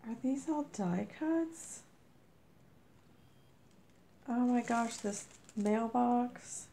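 A woman chatting casually on a vlog as she unboxes mail, gushing and effusive. Her voice is squeaky with a gravelly fry, and she is a bit under the weather. She talks at an unhurried pace. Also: dark tone, a little hiss or hum. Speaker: vlogger opening mail.

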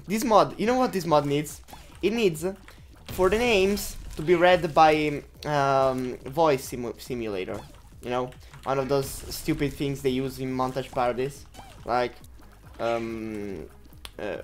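A woman giving gameplay commentary, giggling often, breaking into loud laughter and swearing freely. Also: extremely low pitch. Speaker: let's-play gamer.

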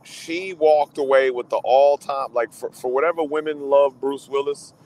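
A man hosting a radio show, chatting casually about movies and getting excitable, often repeating himself and trailing off mid-thought over a remote call. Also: medium pitch, normal speed, poor audio. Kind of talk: casual chat.

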